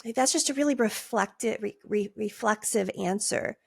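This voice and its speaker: A middle-aged woman hosting a coaching podcast, talking conversationally and acting out client replies in a higher voice. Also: normal speed, gravelly, darkish tone, husky, no echo. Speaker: podcast host and nurse life coach. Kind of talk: casual podcast teaching. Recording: dry close mic.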